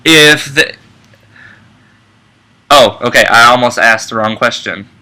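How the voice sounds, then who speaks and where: A man co-hosting a fan chat in a very bright, edgy voice. He rambles with enthusiasm and keeps restarting his sentences as he hunts for words. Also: medium pitch, takes it slowly, rough recording. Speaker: co-host.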